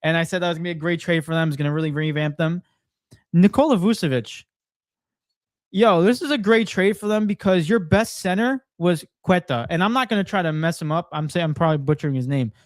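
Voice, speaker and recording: A man co-hosting a casual sports chat, opinionated and confident, talking in quick bursts. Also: a little high, no room sound. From Portuguese heritage. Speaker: co-host.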